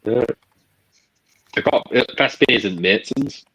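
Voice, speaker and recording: A man's voice: fairly low pitch, slow, bright, forceful tone, husky, rough recording. A man co-hosting a podcast, talking hesitantly in a casual chat over beers. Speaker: podcast co-host.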